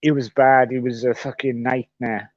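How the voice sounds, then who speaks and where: A man chats on a livestream at an everyday pitch, rambling and circling back over the same points. He swears freely as he goes. The sound is muffled and dry. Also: flat delivery, normal speed, no echo. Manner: rambling, swears often, repeats himself. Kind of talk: casual livestream chat.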